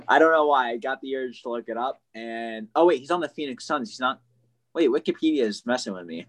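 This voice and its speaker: A man's voice: mid-range voice, expressive, a little fast. Joking man chatting sports. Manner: joking, rambling, laughs often. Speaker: sports podcast co-host. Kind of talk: casual sports banter.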